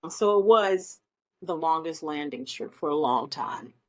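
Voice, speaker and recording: A woman's voice: deep voice, animated, measured pace. A woman from Nebraska, a Broadway performer, telling stories in a chatty, enthusiastic way as an interview guest, with frequent ums. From Omaha, Nebraska, US. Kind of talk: casual interview chat.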